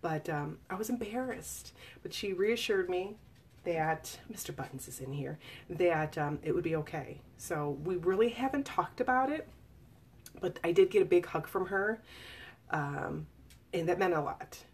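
This memoir author, a woman in her forties, tells a personal story at a casual live talk, earnest and confiding, with fillers and restarts. Her fairly low, slightly mellow voice has lively intonation and a measured pace, and there's slight background noise.

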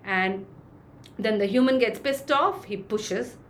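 A woman's voice: on the high side, slow pace, a little hiss or hum. A woman, a dog trainer answering interview questions and acting out little examples as she explains. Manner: explains with acted-out examples, many fillers.

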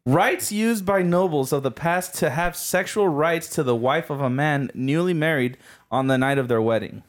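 A man's voice: fairly high pitch, normal speed. A man co-hosting a podcast in casual chat, rambling and laughing easily as he restarts his sentences. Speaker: podcast co-host.

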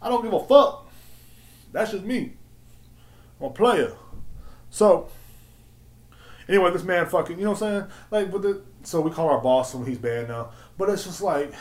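A young man rants on his own podcast, cussing freely and rambling through stories. His voice sits a bit high for a man. The room around him gives a clear echo. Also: lively intonation, moderate pace, pauses often. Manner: profane, rambling storytelling, laughs often, acts out quotes. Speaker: podcast host. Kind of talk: casual solo rant. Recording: echoey room.

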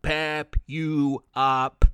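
A man voicing a giant, bellowing male soda monster in a storybook reading, with a slow, menacing bellow. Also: a little high, flat delivery, a bit bright, clear, resonant tone, no echo, studio quality.

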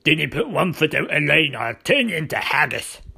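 A man's voice: on the high side, big pitch swings, brisk, gravelly, pushed and bright, slightly rough, voice pushed up, heavily acted. A man voicing a huge, surly middle-aged lighthouse keeper with a growling Scottish accent in a storybook reading. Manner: curt, hostile, grumbling. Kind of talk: storybook narration.

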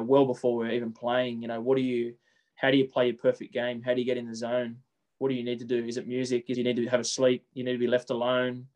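A man, a coach answering interview questions in quick runs with frequent repeated words. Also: medium pitch, a little mellow.

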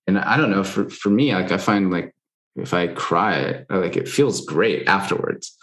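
A man's voice: deep voice, expressive, normal speed, a bit bright. A man talking candidly in casual conversation, loose and frank, with lots of fillers and the odd swear.

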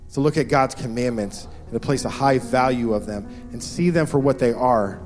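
Man, pastor, thirties, earnest sermon, repeats phrases, medium pitch, faint guitar behind. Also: brisk, darkish tone.

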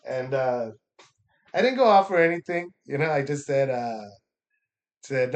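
A young stand-up comic from Texas recaps his week casually, loosely and profanely, laughing a lot and acting out people's words. His medium-pitched voice is animated but a little slow, with long pauses, and the recording sounds muffled.

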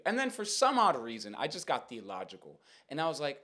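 Lively young man telling a story. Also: fairly high pitch, brisk. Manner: animated, rambling with many fillers and repeats. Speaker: podcast host. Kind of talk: casual storytelling chat.

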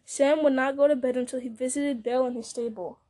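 A woman's voice: sits high, a little fast, no echo. Woman reading a novel aloud. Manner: steady, with small slips and restarts. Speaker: audiobook reader.

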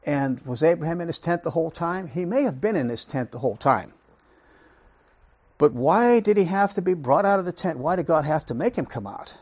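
A man's voice: fairly high pitch, lively intonation, a little fast, darkish tone, dry recording. A man leading a Bible study lesson, talking emphatically, asking rhetorical questions and repeating words for stress. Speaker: Bible teacher.

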